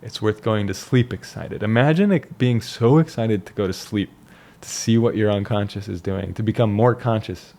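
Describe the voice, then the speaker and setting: A man's voice: fairly low pitch, normal speed, hardly any pauses, a little mellow. A young man talking casually and reflectively about his life, rambling with restarts and fillers. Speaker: vlogger. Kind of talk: casual personal monologue.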